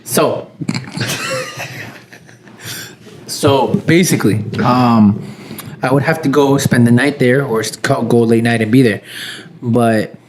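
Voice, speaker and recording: A man's voice: mid-range voice, takes it slowly, long pauses, a little hiss or hum. A young man co-hosting a podcast, telling a story in loose casual talk and swearing freely. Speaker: podcast co-host. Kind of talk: casual chat.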